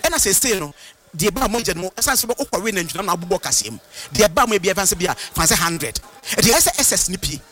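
Animated high-voiced man lecturing. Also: fairly quick, faint music behind. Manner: animated, lecturing, sing-song. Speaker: herbal medicine guest. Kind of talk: radio health talk.

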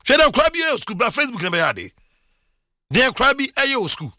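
A middle-aged man from Ghana telling his own life story in a casual, animated monologue with frequent exclamations. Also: extremely high pitch, fast talker, no echo, clean studio sound. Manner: animated, exclaiming, laughs often.

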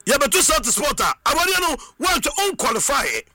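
A man with a Ghanaian accent gives an excitable, animated monologue, mixing Twi and English and breaking into shouts and sing-song. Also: extremely high pitch, fast, background noise.

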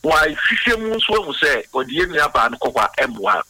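A man's voice: fairly high pitch, sing-song, normal speed, pushed and bright, no echo, rough recording. A man who works as a researcher, talking earnestly in a radio discussion and mixing Twi with English.

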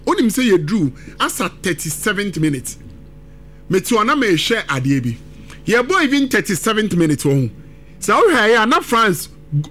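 A man breaks down a football match as a pundit, his voice pitched high and swinging up and down with lively emphasis. He talks emphatically, switching between languages mid-sentence. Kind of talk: sports analysis on radio talk show, mixing Twi and English.

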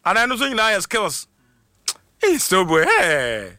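A man with a Ghanaian accent hosting a radio show, reading out shout-outs in a playful, excitable way. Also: high voice, normal speed, dry recording, studio quality. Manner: excitable, playful, jokes and laughs between names. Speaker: radio host.

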